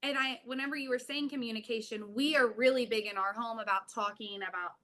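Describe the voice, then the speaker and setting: A woman in her thirties, a mother and podcast guest, telling stories in a casual chat, animated and chuckling as she talks. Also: a little high, fast, slight background noise. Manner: animated storyteller, chuckles mid-sentence.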